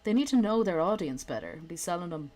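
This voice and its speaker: A young woman from Ireland with a softened Irish accent, chatting casually with friends and shifting into animated comic voices. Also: fast. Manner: animated, swears a lot, laughs, shifts into high-pitched comic voices. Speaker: podcast co-host. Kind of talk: casual chat.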